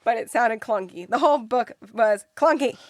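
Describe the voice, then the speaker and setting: A woman co-hosting a podcast, giving blunt opinions and quick agreement in casual chat. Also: a little high, no echo. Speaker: podcast co-host. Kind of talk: casual book-discussion chat.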